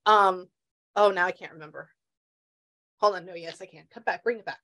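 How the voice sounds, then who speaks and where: A woman's voice: fairly low pitch, moderate pace, pauses often, a bit bright. A woman working as a psychic medium in a casual session, chatty and laughing as she passes on messages.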